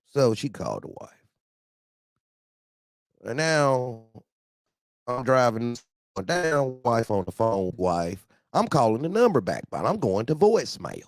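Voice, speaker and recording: A man telling a profane, animated story about his truck. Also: mid-range voice, takes it slowly, long pauses, dry recording, clean studio sound. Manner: profane, animated, acts out other voices. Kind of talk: casual storytelling.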